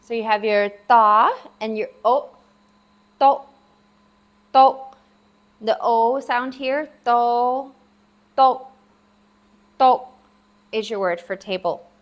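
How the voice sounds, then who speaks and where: A woman whose voice sits on the high side teaches a casual language lesson slowly, leaving long pauses. While writing words at a table for the viewer, she sounds out each syllable patiently, again and again.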